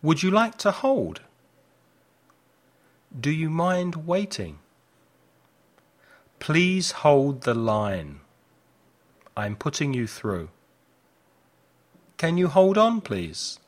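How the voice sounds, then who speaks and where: Slow, lively teacher man. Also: fairly high pitch. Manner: clear, deliberate modelling of phrases with lively intonation. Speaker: English teacher. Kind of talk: slow repeat-after-me language lesson.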